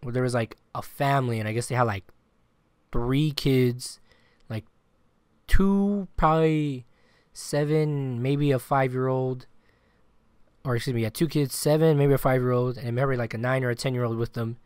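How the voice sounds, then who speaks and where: A man's voice: medium pitch, normal speed, darkish tone, clean tone, no echo. Rambling male podcast co-host, dry sound. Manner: rambling storyteller, heavy on filler words and swearing. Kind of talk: casual sports chat.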